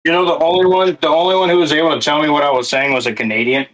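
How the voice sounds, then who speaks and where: A man's voice: a little high, fairly even intonation, very fast, fairly bright tone, rough recording. A man chatting casually as a podcast guest, often interrupting himself and restarting. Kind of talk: casual chat.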